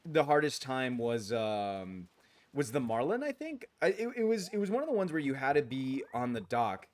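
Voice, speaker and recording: A man's voice: medium pitch, very animated, moderate pace. A man streaming a game late at night in casual chat, rambling, restarting his sentences, grumbling at the game and answering viewer comments aloud.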